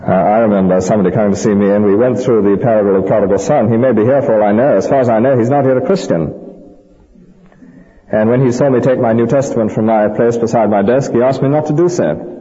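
Male preacher, emphatic storyteller with dry wit; warm dark tone, long church reverb. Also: lowish voice, quick pace, muffled recording. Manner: emphatic, anecdotal with dry humorous asides. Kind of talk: sermon. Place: church pulpit.

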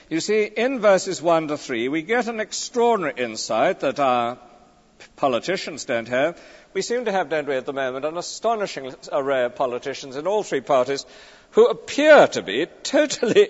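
A man preaching a sermon, emphatic, often tagging on rhetorical questions. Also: a little high. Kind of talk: expository sermon. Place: large church. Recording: dull recording with long church reverb.

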